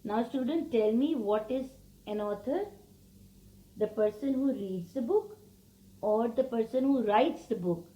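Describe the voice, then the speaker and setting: A woman teacher giving a revision lesson to young pupils, slowly and patiently repeating each word. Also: a little high, reverberant, lo-fi sound. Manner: slow, patient, repeats words for children.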